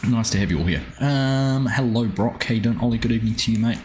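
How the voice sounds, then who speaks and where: A man's voice: mid-range voice, quick pace, darkish tone, slight background noise. A man hosting a live gaming stream, chatting casually and greeting viewers by name as he plays.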